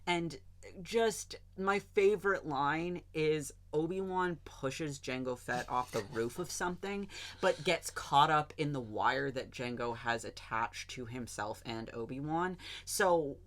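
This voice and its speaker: A woman co-hosting a podcast, rambling through a film plot in casual, animated chat and swearing now and then. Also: sits low, slow pace. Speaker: podcast co-host.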